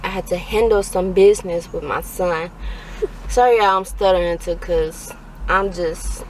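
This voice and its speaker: Slow-talking, low-voiced woman vlogger. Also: far from the mic, a little hiss or hum. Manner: rambling, many fillers, stressed and tired. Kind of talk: casual vlog talk to camera.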